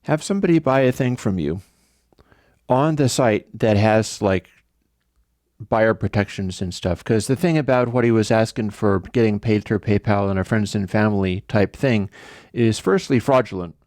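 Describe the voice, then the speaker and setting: A man's voice: fairly low pitch, normal speed, darkish tone, dry recording, clean studio sound. A man hosting a livestream, telling a story in a rambling, conversational way. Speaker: livestream host. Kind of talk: casual livestream chat.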